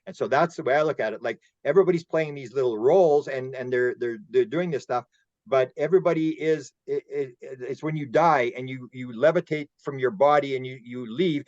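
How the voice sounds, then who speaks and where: A man speaks in a loose, rambling way, doubling back on words as he chases a thought. His voice is mid-pitched. The sound is dull and lo-fi, as if it comes over a call, and it is dry. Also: darkish tone, no room sound. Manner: rambling, repeats words, acts out quoted voices. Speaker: UFO researcher and guest. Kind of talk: casual roundtable discussion.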